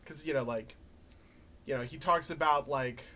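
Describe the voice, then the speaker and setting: A man in casual podcast chat, rambling and animated, laughing often and swearing. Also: medium pitch, moderate pace, slight background noise. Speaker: podcast co-host.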